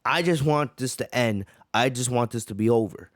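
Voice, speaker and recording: A man's voice: medium pitch, normal speed, no room sound, clean studio sound, natural voice. A man voicing a weary, emotional young male warrior who pleads to be left to finish his fight. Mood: pleading.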